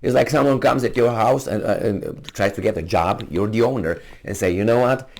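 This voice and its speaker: A man's voice: on the low side, fairly quick, gravelly, a little mellow. A man hosting his own channel, delivering an argumentative opinion monologue to camera and acting out imagined exchanges.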